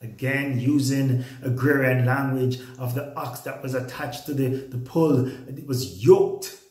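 A man preaching a sermon as pastor, slow and deliberate with emphatic repetition, recorded in a church. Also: medium pitch, darkish tone. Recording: echoey room.

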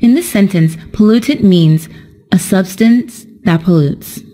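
A young adult woman teaching an English lesson in a slow, careful, explanatory way, scripted narration. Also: mid-range voice, dark tone.

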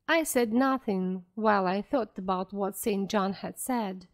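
Slow clear woman reading a story. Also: medium pitch. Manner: clear, careful and deliberate. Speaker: audiobook narrator. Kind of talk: slow graded-reader narration for learners.

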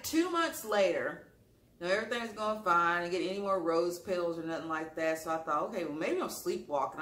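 A woman's voice: lowish voice, fairly bright tone, echoey room. A woman vlogger telling a personal story in a casual, rambling way, often repeating her phrases and using colloquial grammar.

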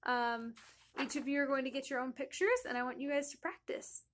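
A woman teaching a young class, reading a picture book aloud in a slow, sing-song, encouraging way with emphatic greetings. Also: sits high. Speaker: elementary school teacher.

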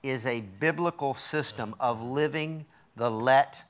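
A man's voice: medium pitch, a little slow. A man hosting a live TV talk show, enthusiastic and full of exclamations. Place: TV studio with live audience. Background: faint audience.

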